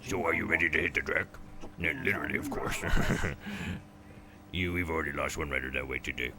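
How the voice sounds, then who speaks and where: A showy swoop race announcer with a rumbling, trailer-narrator voice, put on by a man. His tone sits extremely low and grinds with gravel. It is a grand, theatrical game character. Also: steady tone, brisk. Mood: wry.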